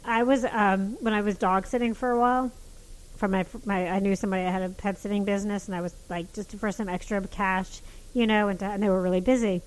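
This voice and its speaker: A woman telling a story in casual chat, animated and swearing, with many restarts. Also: medium pitch, fairly quick, rough recording.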